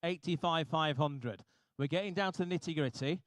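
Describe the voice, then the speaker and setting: A man working as an auctioneer, calling bids briskly and repetitively with jokey asides to the room. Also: a little high, dry recording. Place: auction hall.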